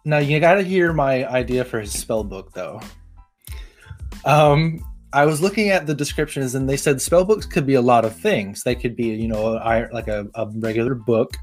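A young man talking about a game character in a loose, excitable way, trailing off and restarting mid-thought and leaning on fillers. His voice sits at an ordinary pitch. Soft music plays faintly underneath. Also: normal speed. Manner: rambling, filler-heavy, excitable. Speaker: tabletop game player. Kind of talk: casual chat.

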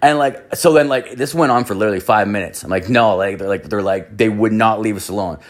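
A man's voice: lowish voice, fast. A young man telling a long, profane, rambling anecdote, full of fillers and swearing. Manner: crude, filler-heavy, swears constantly. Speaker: storyteller.

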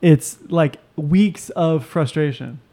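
Sarcastic young man, higher voice. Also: takes it slowly, mellow. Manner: sarcastic, swears often. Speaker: podcast co-host. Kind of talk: casual family chat.

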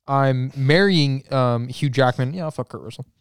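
A man's voice: medium pitch, moderate pace, clean tone, no echo, clean studio sound. A young man co-hosting a podcast, laughing and swearing through casual banter. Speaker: podcast co-host. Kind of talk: casual chat.

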